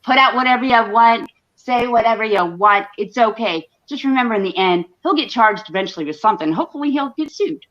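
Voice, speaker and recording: A woman's voice: fairly high pitch, animated, brisk, hardly any pauses, fairly bright tone, highs cut off. A woman hosting a livestream, ranting angrily with lots of swearing and broken restarts. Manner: angry, profane, talks in bursts with restarts. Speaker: livestream host. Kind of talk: heated livestream rant.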